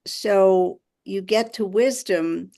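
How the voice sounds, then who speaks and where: A woman in a meditation group speaks up in the discussion, halting and very slow. Her voice is gravelly, and she sits at an ordinary pitch. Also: warm tone. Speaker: sangha member.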